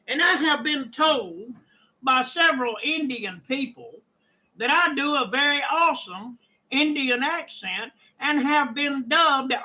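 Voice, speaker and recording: A man with a Kentucky country accent vents in a casual vlog, sounding indignant and defensive. His voice sits unusually high and has a bright, forceful edge. He drags his words out slowly. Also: poor audio. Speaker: YouTuber.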